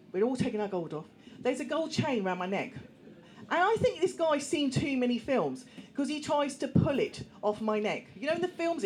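A woman telling a personal story to a live audience, lively and acting out voices of other people. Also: on the high side, a little hiss or hum. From England. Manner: animated, acts out voices, laughs through the telling. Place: small venue room with an audience.

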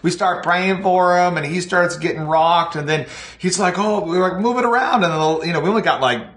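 A man with a slightly high voice tells a story with animated energy. He acts out the voices of the people in it and laughs along the way. The sound carries a roomy echo. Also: moderate pace. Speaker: pastor telling a testimony. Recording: echoey room.

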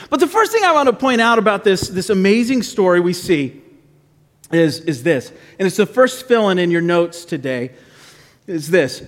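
A male pastor preaches in his church and tells a story in a lively way. His voice is fairly high and rings with a long reverb through a large hall. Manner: animated storyteller with a prayerful tone. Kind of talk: sermon with children's story. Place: church sanctuary.

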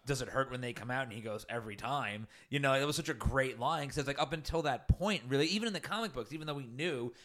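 A man's voice: medium pitch, quick pace, hardly any pauses, fairly bright tone. A man co-hosting a casual chat show, agreeing often and rambling through his points with many restarts. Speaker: podcast co-host.

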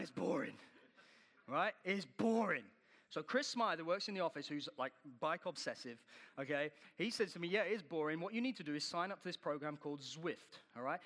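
A man preaches in a high, bright, sharp voice, telling his stories in a lively way and acting out each scene. His sermon rings with the long reverb of a large hall. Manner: animated storytelling, acting out scenes.

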